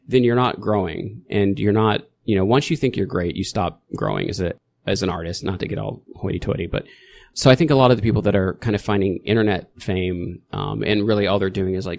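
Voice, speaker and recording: Rambling, animated male podcast guest. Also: on the low side. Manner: rambling, self-correcting, animated storytelling. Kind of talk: casual interview chat.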